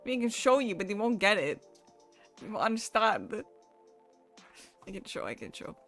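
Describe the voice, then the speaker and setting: A woman's voice: medium pitch, very animated, measured pace, long pauses, a bit bright, faint music behind. A young woman from the Netherlands with a Dutch accent, chatting casually on a live stream and laughing often.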